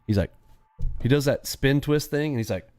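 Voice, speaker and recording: A man's voice: medium pitch, moderate pace, a little mellow, no room sound, faint music behind. A man hosting a live trading stream in casual chat, joking and rambling with playful sound effects.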